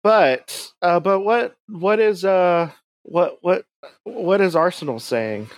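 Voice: medium pitch, expressive, slow, dry recording. A podcast host chatting casually about comics, rambling with frequent restarts. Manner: rambling, many fillers and restarts. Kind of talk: casual comic-book chat.

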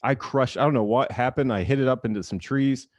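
A man's voice: mid-range voice, a little fast, no echo. A man in his thirties, a former baseball player, telling stories casually in an interview and acting out the quotes. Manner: animated storyteller, acts out quotes, laughs often.

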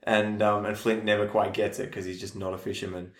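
A man's voice: on the low side, flat delivery, brisk, reverberant. A man co-hosting a podcast, casually retelling a film plot and acting out the characters' lines. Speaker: podcast co-host.

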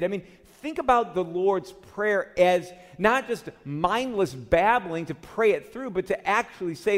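A man preaching a sermon as pastor, earnest and steady, often slipping into spoken prayer addressed to the Lord. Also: high voice, moderate pace, few pauses. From Chicago area, USA. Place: church sanctuary during a communion service. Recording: long hall reverb.

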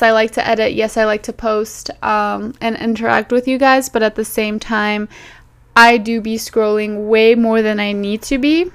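Young woman host, smooth higher voice, bestie-style casual chat on a phone memo. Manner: chatty, playful, addresses listeners as bestie. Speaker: podcast host.

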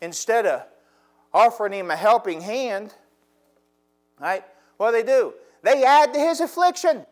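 A man, a pastor, preaching a sermon with drawn-out, swelling emphatic phrases. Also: extremely high pitch, expressive.

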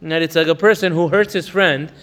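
A man teaching a religious text. He reads Hebrew passages quickly, explains them in English in a chatty way, and often asks "right?". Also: on the high side, steady tone, fairly bright tone, long reverb tail. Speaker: Torah teacher. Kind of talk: text study lesson.

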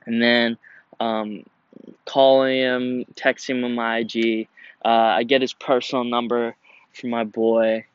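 A young man talks through his week in an easygoing, slangy way, full of fillers and false starts. His voice sits at an ordinary middle pitch. The recording is dry and a bit dull and lo-fi. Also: flat delivery, measured pace, clean tone, no room sound. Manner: laid-back, slangy, many fillers and restarts. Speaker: podcast host. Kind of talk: casual storytelling monologue. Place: outdoors in nature.

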